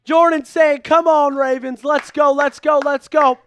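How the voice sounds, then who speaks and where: A man calling a game live for an online fan stream, hyped and pleading with his viewers, rising to shouts at big plays. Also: extremely high pitch, fairly even intonation, measured pace, faint music behind. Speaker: fan livestream play-by-play host. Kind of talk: excitable live play-by-play commentary.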